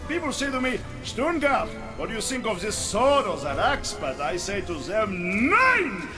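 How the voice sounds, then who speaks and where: A man's voice: high voice, wildly swooping pitch, a little slow, heavily acted. An actor playing a boastful male weapon-seller in a game, with an exaggerated cartoonish voice. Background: game music.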